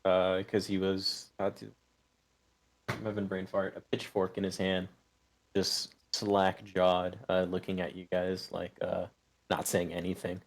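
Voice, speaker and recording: A young man narrates a tabletop game as game master in a fairly low voice. He talks in halting bursts, restarting sentences as he goes. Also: monotone. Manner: halting, full of fillers and restarts.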